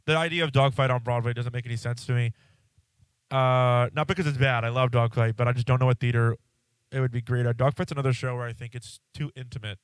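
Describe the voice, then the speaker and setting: A congested man rambles through a casual solo podcast, breaking off mid-thought and swearing offhandedly. His voice is smooth and resonant, heard close with no room sound. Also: mid-range voice, steady tone, fast, no echo. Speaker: podcast host.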